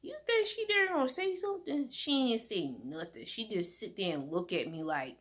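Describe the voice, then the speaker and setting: A woman's voice: on the high side, moderate pace. Chatty woman rambling through a story. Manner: rambling, animated, many fillers and restarts. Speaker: vlogger. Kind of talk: casual storytime monologue.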